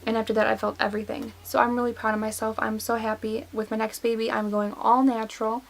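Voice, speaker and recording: Talking straight to camera in a casual vlog, this nineteen-year-old woman recounts something personal, leaning heavily on "like" and other fillers while becoming teary and emotional. Her slightly high, gravelly voice comes at a quick pace with a flat delivery, captured on a rough recording.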